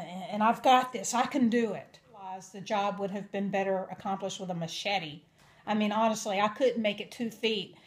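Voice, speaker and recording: A woman's voice: medium pitch, a little mellow. A young woman telling her personal testimony in an earnest, emotional way. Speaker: testimony speaker.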